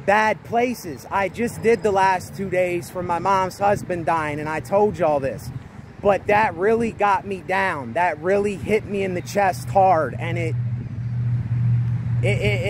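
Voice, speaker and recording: High-voiced man talking loudly outdoors. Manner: emphatic and repetitive, speaking loudly over outdoor noise. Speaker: vlogger. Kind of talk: motivational self-talk vlog. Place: outdoors near traffic.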